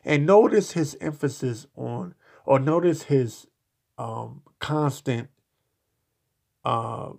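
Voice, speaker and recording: Slow, gravelly man ranting bluntly. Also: medium pitch, animated, a little mellow. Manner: blunt, profane and emphatic; slow, halting delivery with repeated restarts. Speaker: podcast commentator. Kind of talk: opinionated solo commentary.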